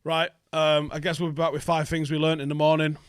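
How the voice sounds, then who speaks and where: A man's voice: fairly high pitch, level tone, a little fast, clean tone, no room sound, clean studio sound. Fired-up sweary man ranting. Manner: angry, sweary and emphatic. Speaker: football fan channel host. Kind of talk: ranting fan review vlog.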